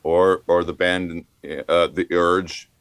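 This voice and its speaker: A man co-hosting a podcast, recounting researched history with many pauses and dry quips. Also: low voice, flat delivery, fairly bright tone, dry recording. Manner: halting, full of uh fillers, dry quips. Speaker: podcast co-host. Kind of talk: casual storytelling with research notes.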